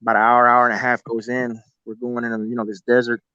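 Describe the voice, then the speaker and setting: A man's voice: medium pitch, monotone, fast, sharp tone, clear, resonant tone, no room sound, lo-fi sound. A man telling a long story casually, cursing freely and acting out what people said. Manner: profane, rambling, quotes people as he goes. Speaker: guest telling an encounter story.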